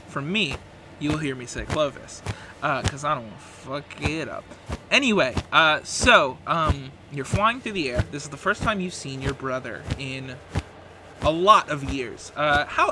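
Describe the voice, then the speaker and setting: Halting male game master, noisy mic. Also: fairly high pitch, expressive. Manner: halting, many "uh" and "um". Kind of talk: narrating a tabletop game.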